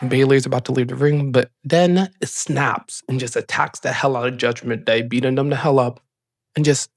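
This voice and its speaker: A man hosting a casual recap show, talking in an excited, rambling way full of "like" fillers. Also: mid-range voice, moderate pace, no room sound, studio quality. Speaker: show host. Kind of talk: casual wrestling episode recap.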